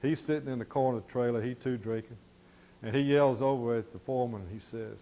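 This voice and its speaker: A middle-aged man telling folksy stories during an architecture slide lecture, halting with many fillers. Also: medium pitch, warm tone. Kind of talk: storytelling lecture.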